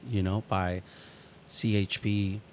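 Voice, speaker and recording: Low-voiced man telling rambling stories. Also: little pitch movement, slow pace, a little hiss or hum. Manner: swears freely, rambling anecdotes, acts out quotes. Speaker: podcast co-host. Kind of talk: casual storytelling chat.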